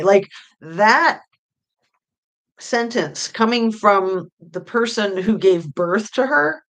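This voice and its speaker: A woman's voice: medium pitch, animated. A middle-aged woman hosting a true crime livestream, chatting casually with viewers in a rambling way full of fillers. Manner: rambling, with many fillers and pauses. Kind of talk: casual livestream chat reading viewer comments.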